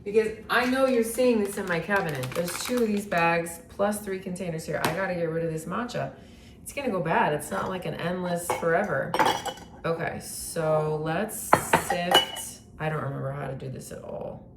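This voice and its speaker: A woman's voice: lowish voice, moderate pace, background noise. A woman chatting casually in a day-in-my-life vlog from her home kitchen, rambling and swearing often as she moves around. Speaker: vlogger, identity coach.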